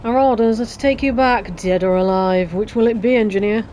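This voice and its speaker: A woman's voice: medium pitch, a little fast, dark tone, a little hiss or hum, close to an everyday voice. A woman voicing a stern armored soldier by reading game dialogue aloud in a mock-commanding tone.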